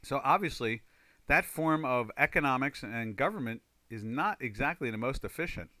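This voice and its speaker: Casual trading-stream host, male, bright forceful voice, rambling and filler-heavy, dry close mic. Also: medium pitch, lively intonation, moderate pace, no room sound. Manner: rambling, reads viewer chat aloud, many fillers. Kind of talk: casual live-stream chat.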